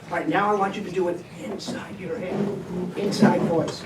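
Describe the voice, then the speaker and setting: A woman's voice: lowish voice, fairly even intonation, normal speed. Woman teacher, directive and step-by-step, recorded from across an echoey classroom. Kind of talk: classroom behavior lesson. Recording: echoey room, distant mic, background noise.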